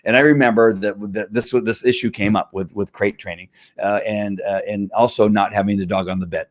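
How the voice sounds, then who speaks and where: A man who trains dogs, answering viewer questions in a rambling, animated way. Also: on the low side, brisk, no room sound. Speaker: dog trainer. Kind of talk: casual Q&A talk.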